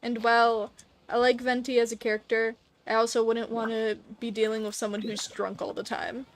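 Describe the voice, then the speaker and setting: A woman's voice: a little high, level tone, moderate pace. Chatty woman streaming a game. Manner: chatty, playful asides. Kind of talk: casual game-stream commentary.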